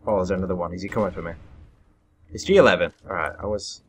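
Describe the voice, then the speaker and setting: A young man giving live commentary over his own gameplay, excitable and self-deprecating, breaking into sudden loud yelps. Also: low-pitched, fast, slight background noise. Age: young adult. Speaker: gaming commentator.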